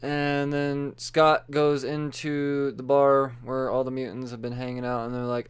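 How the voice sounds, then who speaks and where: A young man talks through a casual solo podcast with a smooth, clear voice that sits at an ordinary middle pitch. He rambles loosely and swears freely, slipping into offhand voices for the characters. He sounds a little loosened up by beer. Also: level tone, a little slow. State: tipsy from beer. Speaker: podcast host reviewing comics.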